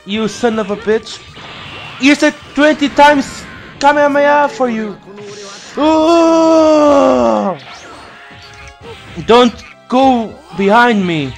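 A man commentating his own fighting game playthrough, excitable and profane, trash-talking his opponent. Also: very high-pitched, a little slow. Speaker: gaming YouTuber. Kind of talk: let's play commentary. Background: faint game music.

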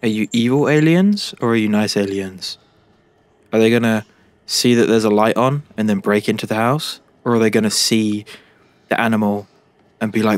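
A man's voice: on the low side, moderate pace, no room sound. Joking British man playing a game. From Britain. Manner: jokey, talks to the game characters. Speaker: gaming YouTuber. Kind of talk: game commentary.

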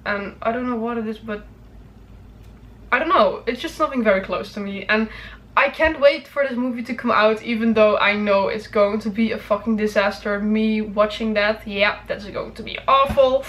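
Young woman gushing emotionally, a bit high. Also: fairly bright tone. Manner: emotional, gushing, laughs often, swears casually. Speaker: reaction video creator. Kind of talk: casual reaction vlog.

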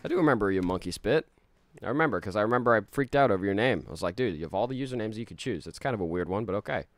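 A chatty male streamer playing a game live, laughing often and reading out chat messages. His voice bounces around lively in pitch, and the sound is dry and close. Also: racing, no room sound. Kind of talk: casual live-stream chat while gaming.

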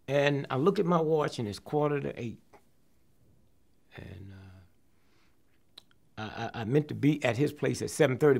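An older man, a comedian, telling a story from his career in an interview, acting out the people in it and dropping to hushed near-whispers. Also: medium pitch, gravelly, husky. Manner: animated storyteller, acts out quotes, drops to hushed near-whispers.

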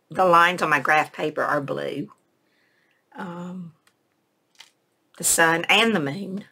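A woman, a craft vlogger, casually telling a personal story in a soft, emotional way and retelling conversations word for word. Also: deep voice, husky. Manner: rambling, retells conversations in quotes.

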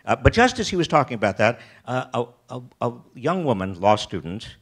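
A man's voice: medium pitch, sing-song, a little fast, breathy edge. An older American man giving a keynote talk, telling personal stories in a rambling way, with many restarts and wry self-deprecating humor. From United States. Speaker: keynote speaker. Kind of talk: storytelling talk. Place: festival stage.

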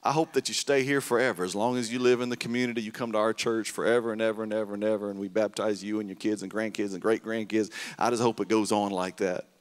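Man, pastor, lowish voice, sermon, loud bursts and hushed passages, reverberant church hall. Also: fast talker, few pauses. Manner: animated storytelling, swinging from loud to hushed. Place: church sanctuary.

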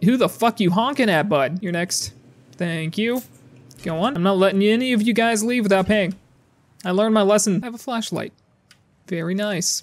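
A man giving sarcastic, profane commentary while playing a game, often yelling at the game characters. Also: high voice. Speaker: gaming YouTuber. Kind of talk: casual gameplay commentary.

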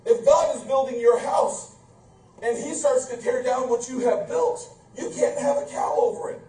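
Preaching at normal speed, this man has a very high-pitched, warm voice. His sermon is fervent and emphatic, laced with rhetorical questions and funny asides, recorded from a distance inside an echoey church sanctuary with faint room noise.

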